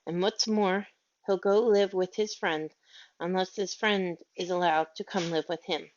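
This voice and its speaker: A woman voicing a prim, self-assured nanny who speaks crisply and matter-of-factly, in a storybook reading. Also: fairly low pitch, steady tone, unhurried, darkish tone, lightly acted. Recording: dull lo-fi audio.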